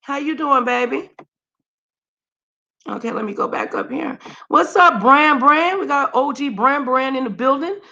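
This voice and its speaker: Slow-talking high-voiced woman streamer. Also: creaky, bright, forceful tone, dull audio. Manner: chatty, slangy, greets chat by name; scolds her dogs mid-stream. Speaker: live-stream host. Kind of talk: casual live-stream commentary.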